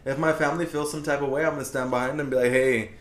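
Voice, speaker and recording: A man co-hosting a podcast, telling stories in a casual, animated way and quoting people with plenty of swearing. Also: a little high, rapid-fire. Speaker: podcast co-host. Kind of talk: casual chat. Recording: roomy echo, faint background noise.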